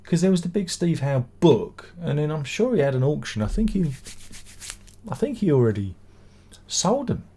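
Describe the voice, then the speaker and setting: A man's voice: a little high, very animated, moderate pace, warm tone, breathy edge. A middle-aged man hosting a live stream, reading out viewer comments and answering them with rambling, exclamatory chatter and swearing. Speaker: channel host.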